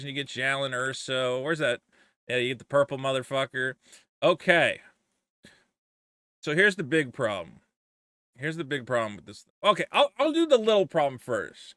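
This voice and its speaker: A man riffing in casual commentary, cursing freely and wandering between thoughts. His voice sits a little high and swings widely in pitch, with a bright edge. The sound is dry and close. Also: smooth, no echo. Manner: profane, rambling, animated. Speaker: commentary vlogger.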